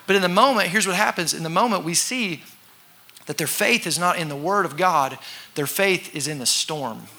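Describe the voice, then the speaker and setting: A man preaching a sermon to a congregation, talking conversationally, acting out voices and sometimes shouting for effect. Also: high voice, normal speed. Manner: conversational with congregation call-and-response. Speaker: pastor.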